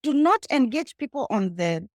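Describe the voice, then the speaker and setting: A woman's voice: sits high, sing-song, normal speed, no echo, studio quality. A woman with a Kenyan accent, a guest speaking emphatically in a casual interview and addressing the listener directly. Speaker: guest, rideshare entrepreneur.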